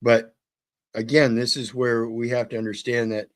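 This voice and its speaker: A man's voice: mid-range voice, little pitch movement, moderate pace. A man hosting a podcast, talking to his audience in a loose, slangy way. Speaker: podcast host. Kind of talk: casual commentary.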